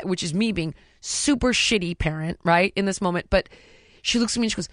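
A woman's voice: lowish voice, fairly quick, no room sound, clean studio sound. A middle-aged woman hosting a podcast, talking candidly and bluntly in casual chat, cursing freely. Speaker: podcast host.

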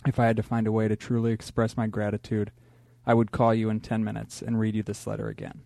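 A man's voice: fairly low pitch, monotone, fast, creaky, warm tone, dry recording, clean studio sound. A man who is a comedian, earnestly reading a heartfelt letter aloud.

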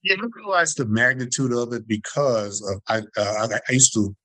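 A man's voice: medium pitch, normal speed, a bit bright, no echo, rough recording. A man in his sixties from Detroit, telling stories as an interview guest in an earnest, passionate way with emphatic repetition. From Detroit, USA. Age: 60s. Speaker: guest, former student body president. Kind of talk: interview storytelling.

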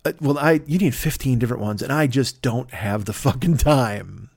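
A man's voice: mid-range voice, normal speed, creaky, darkish tone, no room sound, studio quality. A male podcast host telling a comic story with profane, absurd riffing asides.

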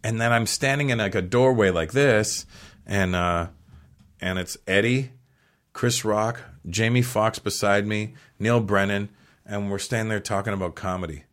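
Low-voiced man telling a lively anecdote. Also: normal speed. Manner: animated storyteller, acts out other people's lines; swears casually. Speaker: podcast guest, comedian.

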